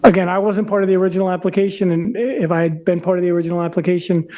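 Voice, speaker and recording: A man presenting an application to a zoning board, hoarse and losing his voice, halting with restarts and throat clearing. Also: high-pitched, fairly even intonation, noisy background. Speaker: applicant's representative at a zoning hearing. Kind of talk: formal presentation at a public meeting.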